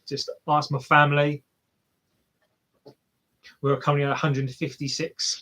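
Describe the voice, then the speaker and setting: A man's voice: medium pitch, fairly bright tone. A man commentating casually on a marathon live for viewers, chatty and self-mocking as he cheers the runners on. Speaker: live race watch-along streamer.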